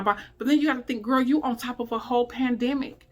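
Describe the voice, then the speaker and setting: A middle-aged woman at home, talking candidly to her viewers in a rambling, emotional way, sounding weary and low. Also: fairly even intonation, fast, hardly any pauses, fairly bright tone. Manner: emotional, heartfelt, rambling with many fillers. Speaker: vlogger. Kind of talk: candid personal vlog talk. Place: indoors at home.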